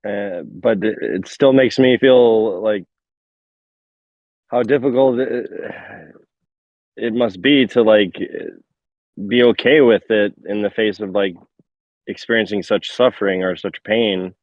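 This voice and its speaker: Hesitant low-voiced man on a muffled line. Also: slow, long pauses, dry recording. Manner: hesitant, searching for words. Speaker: call participant. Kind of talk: asking a question on a call. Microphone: video call.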